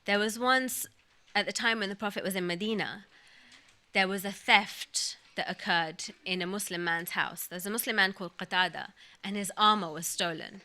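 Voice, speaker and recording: A woman's voice: medium pitch, normal speed, pushed and bright. A woman giving a lecture on scripture to a gathering, explaining each verse with emphasis and reciting short Arabic passages. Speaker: religious speaker. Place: mosque or community hall.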